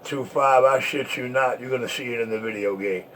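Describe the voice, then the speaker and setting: A man's voice: mid-range voice, fairly even intonation, fast talker, soft background music. A man talking over CB radio, repeating call signs and pressing his points emphatically. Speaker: CB radio talker.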